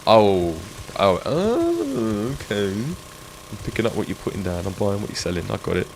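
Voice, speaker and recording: A man's voice: on the low side, big pitch swings, moderate pace, creaky, darkish tone, rough recording. A man chatting and joking with viewers while he streams a game. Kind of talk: live gameplay stream chat. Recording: game sound noise behind.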